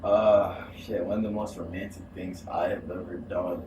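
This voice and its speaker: A laid-back young man chats casually, slangy and quick to laugh. He is recorded from across an echoey room. An audible hiss runs under his voice. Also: low voice, little pitch movement. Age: young adult. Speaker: interviewee. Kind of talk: casual chat. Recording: echoey room, mic from far off.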